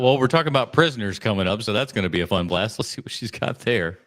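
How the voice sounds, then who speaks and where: A man's voice: medium pitch, animated, fast, hardly any pauses, a bit bright. A man hosting a podcast, riffing sarcastically and swearing as he reacts live to video clips. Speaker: podcast host.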